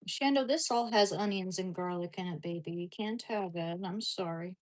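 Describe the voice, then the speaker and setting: A woman's voice: on the low side, moderate pace, hardly any pauses. A woman vlogger in casual talk as she eats, chatting and talking fondly to her dogs between bites. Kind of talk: casual eating vlog.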